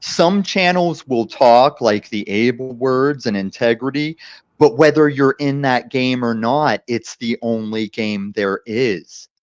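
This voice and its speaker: A man's voice: mid-range voice, slow, smooth, no room sound, dull audio. A man arguing heatedly as a guest on a live stream panel, combative and talking over others. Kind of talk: heated online argument.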